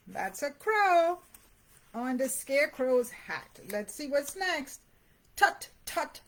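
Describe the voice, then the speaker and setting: A woman reading a picture book aloud to young children, sing-songing the rhymes and stopping to ask the little listener questions. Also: sits high. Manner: sing-song reading of rhymes and sound words; addresses parents directly with encouragement.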